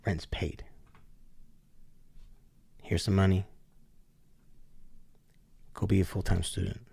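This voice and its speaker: A man's voice: sits low, level tone, takes it slowly, vocal fry, mellow, slightly rough. A man, a podcast guest, telling a story in a loose, slangy way and acting out the voices of the people in it. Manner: acts out voices in his stories, loose and slangy. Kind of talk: animated storytelling.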